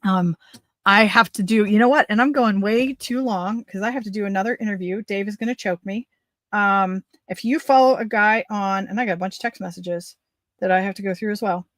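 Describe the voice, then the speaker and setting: A woman in her forties hosts a political livestream talk show, talking in an energetic, rambling, conversational way while losing her voice. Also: mid-range voice, fairly quick, no echo. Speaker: host.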